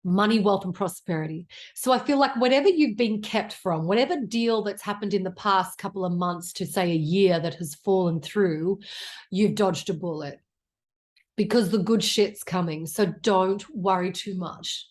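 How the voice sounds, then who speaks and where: A woman's voice: mid-range voice, moderate pace, a little mellow. An Australian woman in her forties giving a casual tarot reading, blunt and chatty, with plenty of swearing. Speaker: tarot reader.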